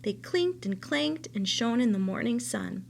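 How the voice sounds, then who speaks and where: Gravelly woman reading a novel aloud. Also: fairly high pitch, a little slow, a little hiss or hum. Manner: steady, expressive storytelling.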